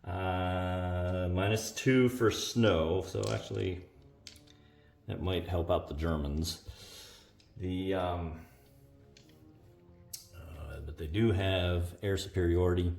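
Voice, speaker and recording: A man with a fairly low voice talks through a board wargame turn on his own, tallying modifiers aloud and pausing on "uh"s. His voice rings around an echoey room, with faint music in the background. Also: fairly even intonation, darkish tone. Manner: thinking aloud, counting up modifiers with many "uh"s. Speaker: host of a board wargame playthrough. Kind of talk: solo tabletop game commentary.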